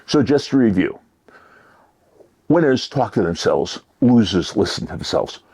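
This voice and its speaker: A man giving a motivational talk, shifting between loud emphasis and near-whispered asides. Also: lowish voice, sing-song, measured pace, slightly rough. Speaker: motivational speaker.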